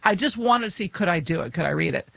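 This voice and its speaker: A woman's voice: fairly low pitch, animated, fast talker, gravelly, dry recording. Chatty laughing woman podcast co-host. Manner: chatty, laughs often, self-mocking. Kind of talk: casual chat.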